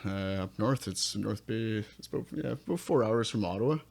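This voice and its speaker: A man's voice: lowish voice, moderate pace, gravelly, a little mellow. A man from Northern Ontario, a metal singer guesting on a podcast, talking in a laid-back, casual way, swearing freely and chuckling often. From Northern Ontario, Canada. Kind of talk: casual conversational interview.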